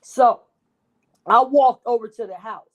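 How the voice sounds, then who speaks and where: A woman's voice: fairly high pitch, a little slow. A woman voicing a self-pitying male wolf who tells his own side of the story in a wheedling, innocent tone.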